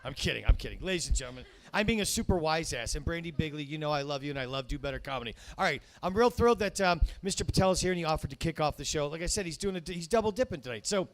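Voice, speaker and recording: Racing along with hardly a pause, a man with a fairly high, animated voice hosts a stand-up comedy show at a club. His patter is rambling and full of wisecracks, and he often stops himself mid-sentence.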